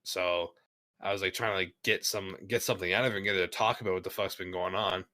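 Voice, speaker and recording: A man's voice: low-pitched, steady tone, quick pace, pushed and bright, no room sound. A young man telling a story in casual podcast chat, rambling, laughing often and swearing a lot. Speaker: podcast guest.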